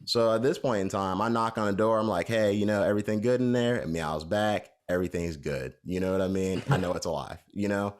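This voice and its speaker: A man's voice: lowish voice, fairly quick, few pauses. A man co-hosting a podcast, telling a long story in a casual, rambling way with lots of fillers. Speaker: podcast co-host.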